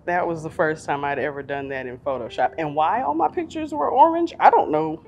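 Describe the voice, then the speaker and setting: A middle-aged woman chatting casually on her vlog, animated and self-mocking, laughing often. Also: low-pitched, a little fast, soft background music. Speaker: vlogger. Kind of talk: casual chat reviewing old photos.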